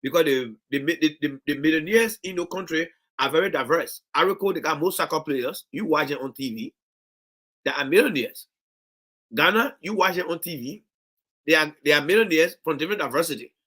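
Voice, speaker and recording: A man's voice: a little high, a little fast, sharp tone, breathy edge. A man with a Liberian English accent giving impassioned political commentary, often stumbling and repeating words. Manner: impassioned, repetitive restarts. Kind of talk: video commentary.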